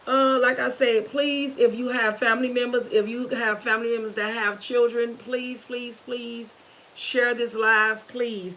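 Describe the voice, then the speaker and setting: A woman on a live stream, nervous and holding back tears, talking in a halting, earnest way with many restarts. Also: fairly high pitch, fairly bright tone, rough recording. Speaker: YouTuber. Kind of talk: emotional live-stream talk.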